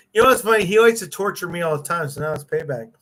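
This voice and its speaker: A tired man hosting a loose livestream, laughing a lot and swearing freely. His voice sits high and swings widely in pitch, with a bright, forceful edge. He talks at an unhurried pace. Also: slight background noise. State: tired, yawning. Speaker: livestream host. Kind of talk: casual livestream chat.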